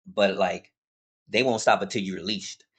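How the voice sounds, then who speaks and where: A man's voice: low voice, normal speed, slightly rough. Man casually recapping a comic. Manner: rambling, animated retelling with many restarts; informal, addresses viewers as y'all. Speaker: comic book reviewer.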